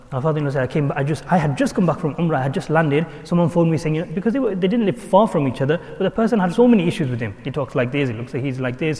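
A man preaches a sermon in an earnest, repetitive way, sprinkling in Arabic and Urdu terms. His voice sits fairly high and he speaks very quickly. A long reverb trails each phrase, as in a hall. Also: dark tone. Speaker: Islamic preacher.

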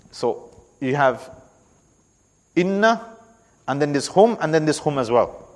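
A male religious teacher explains scripture to a class with insistent emphasis, repeating key words and checking in with his listeners. His voice sits at an ordinary middle pitch. It rings out with the long reverb of a large hall.

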